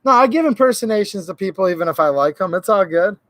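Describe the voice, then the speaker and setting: Jokey male streamer chatting with viewers; high, gravelly tone, recorded dry. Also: expressive, fast talker, fairly bright tone, no room sound. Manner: laughs a lot, reads chat aloud, jokey. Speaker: livestream host. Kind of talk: casual live-stream chat.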